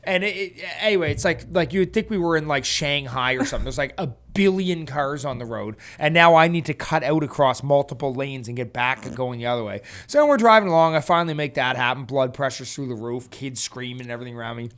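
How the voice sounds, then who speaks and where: A man co-hosting a casual podcast tells a chaotic family story. His pitch sits in the middle, and he jumps around a lot as he acts out other people and laughs. The delivery stays loose and conversational. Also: fast, few pauses. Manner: animated storyteller who acts out voices and laughs often. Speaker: podcast co-host.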